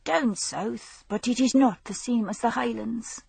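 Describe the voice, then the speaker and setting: A woman's voice: a little high, a little slow, creaky, darkish tone, slightly rough, no room sound, pitched above the performer's own voice, heavily acted. A woman voicing an old bearded male tramp with a Scottish accent, who talks in a wheedling, nervous way with dialect speech.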